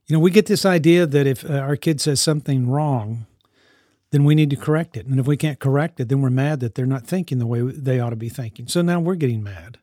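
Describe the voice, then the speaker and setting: A man's voice: mid-range voice, a little mellow, no echo, clean studio sound. A man who mentors teenagers gives an earnest parenting talk, often repeating and restarting his phrases. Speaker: youth mentor living with teens.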